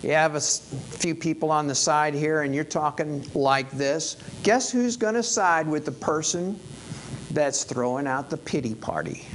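A man's voice: fairly high pitch, measured pace, a little hiss or hum, rough recording. A male preacher giving a sermon in a conversational, wry and emphatic way, losing his voice.

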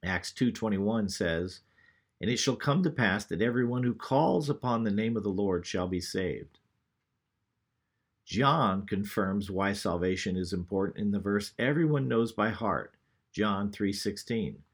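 A man's voice: fairly low pitch, a little slow, husky. A man preaching a sermon, who reads scripture aloud and asks the congregation questions.

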